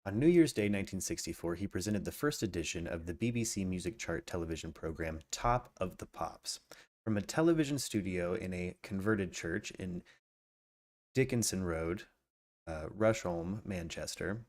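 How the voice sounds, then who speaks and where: Deep low guy hosting a true crime stream, reads stuff out then rambles and talks to chat. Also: expressive, moderate pace, darkish tone. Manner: reads facts aloud then riffs casually, greets chat viewers, many restarts. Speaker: podcast host.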